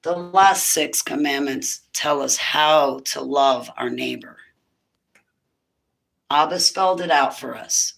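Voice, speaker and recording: On a rough recording, a woman in her 50s with a low, creaky, somewhat bright voice takes her time. She is a speaker on spiritual warfare, drifting through a casual monologue about faith punctuated by laughter and emphatic preaching.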